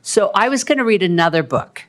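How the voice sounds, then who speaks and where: A woman's voice: mid-range voice, expressive, fairly quick. A woman in her sixties on the city council, giving a rambling, chatty report full of ums at a council meeting. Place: council chamber.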